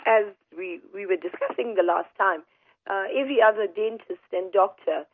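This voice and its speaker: A hoarse woman doctor speaks as a radio guest, explaining her field in a measured way with fillers. Her pitch is middling. She comes through a thin telephone line with no room sound. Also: no echo. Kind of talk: phone-in radio interview. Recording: tinny phone line on radio.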